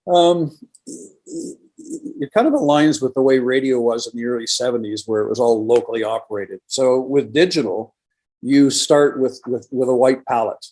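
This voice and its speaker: A man's voice: medium pitch, moderate pace, a little mellow, poor audio. An older man, a retired radio professional, talking enthusiastically as a podcast guest. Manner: enthusiastic, tells stories with quoted dialogue. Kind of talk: casual interview conversation.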